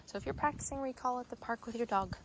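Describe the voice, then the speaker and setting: A woman's voice: quick pace, background noise. A young adult woman, a dog trainer, explaining training steps to viewers outdoors in a park. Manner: explains to viewers, breaks into high-pitched praise for the dog. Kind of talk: instructional dog training video.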